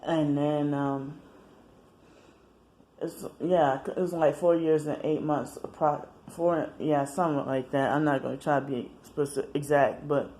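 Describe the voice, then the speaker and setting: A woman talking casually to camera in a personal monologue, rambling, halting and often correcting herself mid-sentence. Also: deep voice, fairly even intonation, mellow. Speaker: vlogger.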